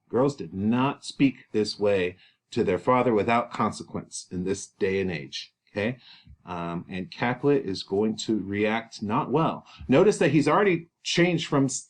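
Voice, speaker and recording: A male teacher explains a classic play line by line to his students. His voice has a very lively pitch that rises and falls constantly. He talks in an animated way and drops in exclamations as he goes. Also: moderate pace.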